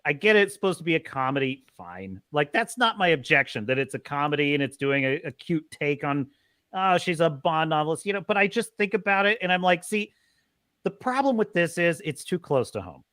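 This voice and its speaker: A man hosting a live stream, ranting through animated, profane commentary. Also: a little high. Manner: animated, swearing, exclaiming. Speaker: host of a live show.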